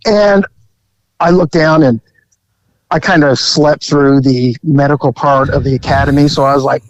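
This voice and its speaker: A man co-hosting a podcast, telling a profane, animated story from his time as a police officer. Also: fairly high pitch, normal speed, muffled recording. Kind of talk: casual storytelling chat.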